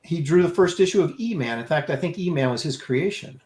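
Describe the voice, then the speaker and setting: A man's voice: a little high, fairly quick, roomy sound, slight background noise. A man co-hosting a casual chat among comic artists, telling stories and acting out quotes. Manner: animated storyteller, acts out quotes.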